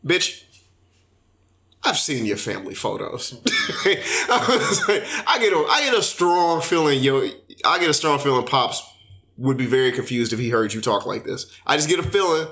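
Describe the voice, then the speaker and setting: A young man with a bright, forward voice tells a long story in loose, slangy talk. He is animated and drops curse words casually while chatting with friends on a podcast. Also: a little high, moderate pace. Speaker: podcast host. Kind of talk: casual chat.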